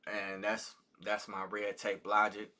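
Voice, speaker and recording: A man hosting a live trading stream with a fairly low voice that has a very bright, cutting edge. He teaches in a loose, conversational way, full of ums and restarts. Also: completely flat delivery, takes it slowly. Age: adult with a child. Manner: casual, loose, conversational with many fillers. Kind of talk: live market commentary and teaching.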